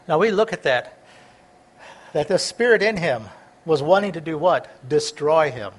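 A man preaching a sermon, reading scripture aloud and explaining it, stumbling over words at times and swinging between loud and soft delivery. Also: a little high, expressive, moderate pace, long pauses.

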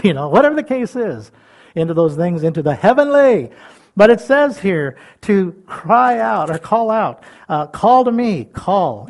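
An older man preaching a sermon in a folksy way, chuckling often and swinging between loud calls and soft whispers. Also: a little high. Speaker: pastor.

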